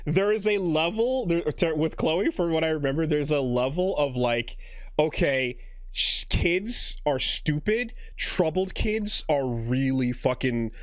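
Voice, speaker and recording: Man, podcast co-host, lively swooping pitch, slightly high, dry mic. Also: a little slow, no echo. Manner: lively reactions, frequent backchannel affirmations. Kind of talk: casual podcast chat.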